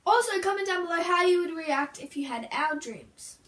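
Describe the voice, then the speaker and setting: A woman's voice: extremely high pitch, lively intonation, moderate pace, a bit bright. A woman animatedly telling the story of a dream in a casual story-time video, acting out voices with gasps and screams. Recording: echoey room from a distant mic.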